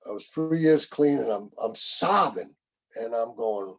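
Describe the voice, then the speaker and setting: This man in his sixties is the main speaker at a recovery meeting held by video call. His voice is on the low side, expressive and a little slow, with a breathy edge. He tells his recovery story candidly and in a rambling way, swearing a lot and repeating "you know what I mean."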